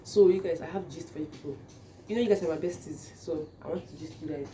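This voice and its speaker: A young Nigerian woman vlogging casually to camera, her voice still rough from just waking up, talking chattily with many restarts. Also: sits low, fast talker, warm tone, far from the mic, a little hiss or hum. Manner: chatty, repeats words and restarts a lot. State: morning voice, just woke up.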